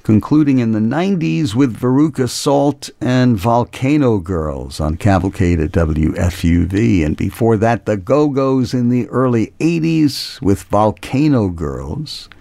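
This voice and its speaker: A man's voice: medium pitch, animated, a little slow, creaky, hardly any pauses, dark tone, no echo. A man hosting a radio music show, chatting casually between songs with rambling, chuckling asides. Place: radio studio. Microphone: close studio mic.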